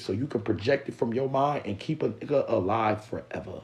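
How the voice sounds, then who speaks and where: Man, low-pitched, streaming a profane, preachy lecture with lots of energy. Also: lively intonation, brisk, vocal fry, few pauses, darkish tone, rough recording. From Mississippi Delta. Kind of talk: casual live-stream monologue.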